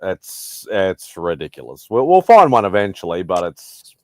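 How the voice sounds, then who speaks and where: A man's voice: sits low, sing-song, unhurried, a little mellow, dry recording, studio quality. A man chatting casually on a video hangout, laid-back and matter-of-fact. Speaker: panelist. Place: home, joined by video call.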